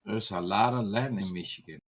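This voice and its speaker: A middle-aged man chatting casually on a voice call, telling lively stories and acting out old-timers in a high voice. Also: fairly quick. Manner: animated storyteller who acts out old-timers in a high voice. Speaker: discord caller. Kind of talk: casual chat. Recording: voice chat over discord.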